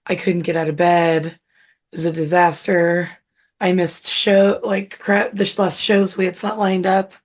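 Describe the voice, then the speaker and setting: A woman co-hosting a podcast, hoarse and husky from illness, telling a long story in casual chat with plenty of fillers. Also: on the low side, level tone, unhurried. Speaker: podcast co-host.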